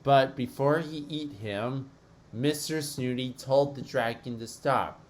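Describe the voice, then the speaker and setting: A man's voice: medium pitch, slow. A man reading a homemade cartoon story aloud as narrator.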